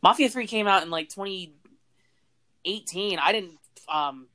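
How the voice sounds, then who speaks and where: A young man hosting a casual podcast, quickly retelling how friends fooled him with self-mocking humor. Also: high voice, sharp tone. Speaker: podcast host. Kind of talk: casual chat among friends.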